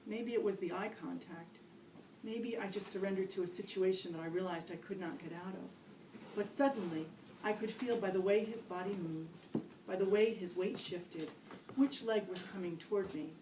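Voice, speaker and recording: A woman reading her own story aloud at a poetry event, wry and self-mocking, with lively asides. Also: fairly low pitch, moderate pace, background noise. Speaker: poet reading her work. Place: gallery reading room. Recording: roomy, distant live-event recording.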